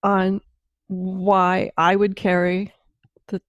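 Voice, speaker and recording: A woman's voice: mid-range voice, completely flat delivery, extremely slow, no echo, muffled recording. A woman hosting a podcast, reacting with breathless wows and asking long, rambling questions. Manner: effusive, exclaims wow, asks long rambling questions. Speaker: podcast host. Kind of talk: podcast interview.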